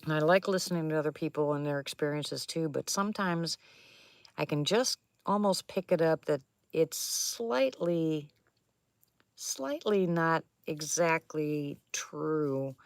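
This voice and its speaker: A woman's voice: sits low, a little slow, clear, resonant tone, no echo, studio quality. A woman chatting casually with viewers on a livestream from an attic at home, laughing often and answering them by name. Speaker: livestream host reading viewer chat.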